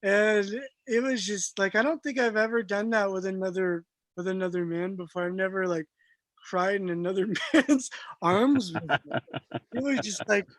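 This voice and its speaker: A man guest telling a personal story in a casual, animated way, laughing often and using lots of fillers. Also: high voice, normal speed, dry recording.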